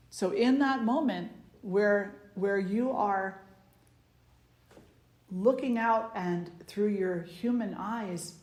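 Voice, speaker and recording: A woman spiritual teacher giving a slow, meditative talk, repeating phrases for emphasis. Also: mid-range voice, a little mellow, roomy sound.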